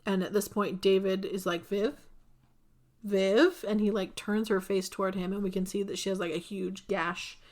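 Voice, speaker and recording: Woman podcaster, mid-pitch, loose chatty recap delivery, curses casually. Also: little pitch movement, a little fast, few pauses, a little mellow. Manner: chatty, filler-heavy, profane, laughs easily. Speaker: podcast co-host. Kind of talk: casual movie recap chat.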